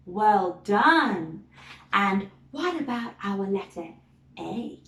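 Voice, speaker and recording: A woman's voice: mid-range voice, a bit bright. A woman teaching a phonics lesson to young children, drawing out letter sounds and praising often. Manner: slow, drawn-out sounds, encouraging praise. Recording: roomy echo.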